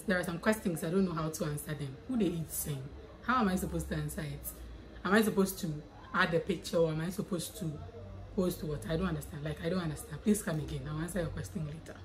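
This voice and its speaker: A young woman talks casually to her camera, reading out questions and bantering back at them. Her voice sits a little low, and a faint hum of room noise hangs behind her. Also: rough recording. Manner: chatty, reads questions aloud then answers playfully. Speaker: YouTuber answering viewer questions. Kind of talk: casual chat.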